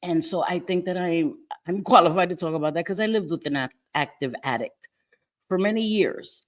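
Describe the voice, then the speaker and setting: A woman's voice: lowish voice, normal speed. A middle-aged woman hosting a casual livestream, chatting loosely, laughing often and greeting viewers by name. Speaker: livestream host.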